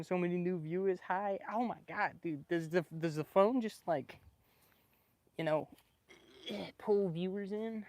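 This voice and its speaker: A man livestreaming casually from his backyard with a small clip-on microphone, excitable and joking with his viewers. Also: on the high side, dry recording. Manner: excitable, laughing, swearing, chatting with viewers. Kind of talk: casual live stream chat. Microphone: small clip-on microphone with a phone.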